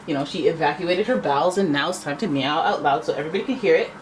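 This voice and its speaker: A woman talks through a tarot reading in a loose, playful way, wandering off into asides as she goes. Her voice sits fairly low, then leaps up high on exclamations. A faint hum of background noise runs under her. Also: fast talker. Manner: chatty and playful, jumps between asides; animated, pitch often jumps up on exclamations. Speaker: tarot reader. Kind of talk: casual tarot reading to camera.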